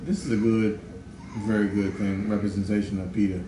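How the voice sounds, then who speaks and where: A man's voice: lowish voice, flat delivery, brisk. A man chiming in on a casual audio commentary with brief dry remarks and prompts. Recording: distant from the mic in an echoey room with noise.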